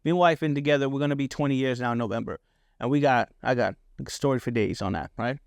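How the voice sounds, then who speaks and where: A man's voice: medium pitch, quick pace, smooth, dry recording, clean studio sound. A middle-aged man hosting a podcast, telling personal stories in a casual, candid way, often checking in with "right?" and swearing freely. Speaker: podcast host. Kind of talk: personal storytelling monologue.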